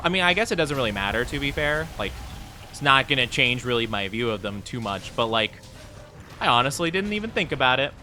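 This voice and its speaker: A man live-streams his gameplay, chatting casually in a sing-song, mid-range voice that's pushed and bright, at normal speed. There's a little hiss or hum as he trades playful, self-deprecating jokes with viewers.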